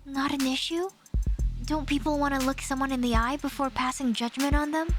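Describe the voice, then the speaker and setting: A woman's voice: sits high, steady tone, brisk, pitched above the performer's own voice, close to an everyday voice. A woman voicing a curious young female sidekick who asks many questions, reading a story game aloud. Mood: questioning. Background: game music.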